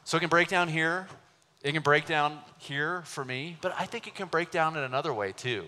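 A man preaching a sermon, telling a personal story in an animated way and acting out the voices of people he quotes. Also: a little high, normal speed. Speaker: pastor. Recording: long hall reverb.

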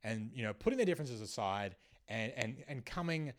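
A man's voice: medium pitch, lively intonation, brisk. A man hosting a comedy show, delivering a rambling, sarcastic monologue with many restarts. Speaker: comedian host.

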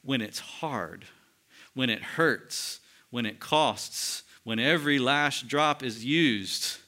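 A male pastor preaching a sermon in an earnest tone, slowing down and dropping quiet for emphasis. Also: mid-range voice.

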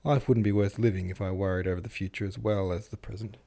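A man reading the lines of a cheerful, sympathetic young woman who is poor but carefree, voiced gently and with light teasing. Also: on the low side, fairly even intonation, quick pace, creaky.

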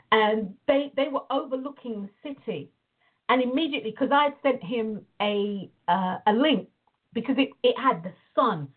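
A woman telling a story and teaching in casual talk on a call, animated, acting out the voices in her stories. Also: on the high side. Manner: animated storytelling, acts out quoted dialogue. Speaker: prayer and visualization teacher. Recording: tinny phone-like line.

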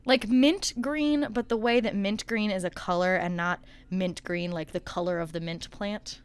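Expressive woman podcast co-host. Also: mid-range voice, normal speed, smooth. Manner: expressive, swears casually. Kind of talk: casual chat.

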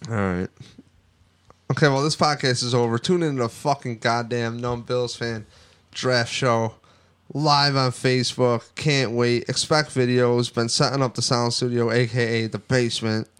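A man chatting loosely on a sports podcast, his speech full of swearing and tangents. His voice is smooth and clear at a middling pitch, and he keeps jumping between excitement and mumbling asides. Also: unhurried. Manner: profane, rambling, excitable. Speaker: podcast co-host. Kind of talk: casual sports podcast chat.

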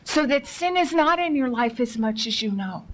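A woman's voice: high-pitched, animated, normal speed, poor audio. A woman preaching an urgent, impassioned sermon, pressing her listeners with rhetorical questions and pleading repetition.

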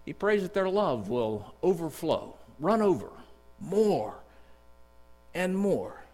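A middle-aged man preaching a sermon in a church, earnest and storytelling, slowing down to read scripture. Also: a little high, big pitch swings, darkish tone. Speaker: district superintendent preaching. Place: church sanctuary. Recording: long church reverb.

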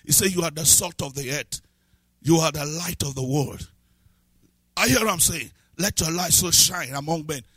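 A man preaching a sermon as a pastor, swinging from low asides to shouted, half-sung lines and repeated questions to the congregation. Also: moderate pace, husky, no echo. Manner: breaks into speaking in tongues.

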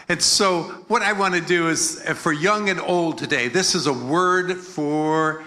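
An older American man, a guest preacher, delivers an energetic sermon to a congregation in a church hall. His high, bright, forceful voice moves at normal speed with hardly any pauses as he jokes playfully and leads call-and-response chants.

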